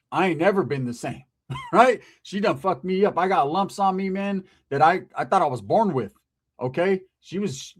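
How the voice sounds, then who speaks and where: A stand-up comedian spinning a profane, animated story in a loose, conversational way. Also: male voice, on the high side, slightly rough.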